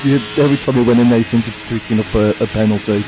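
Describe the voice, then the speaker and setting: A man's voice: mid-range voice, fairly even intonation, very fast. A man giving live, chatty commentary on a sim-racing event, thinking aloud as he watches. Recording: faint background noise.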